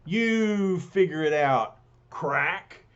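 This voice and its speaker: A man voicing a gruff, hot-headed, jealous strongman who talks in tough street slang. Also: on the high side, very animated, measured pace. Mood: angry. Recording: dull lo-fi recording.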